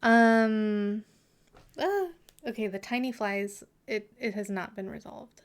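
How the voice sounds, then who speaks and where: Slow-talking woman chatting on a live stream. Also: medium pitch. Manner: chatty, giggly, muttering asides. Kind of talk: casual live-stream chat.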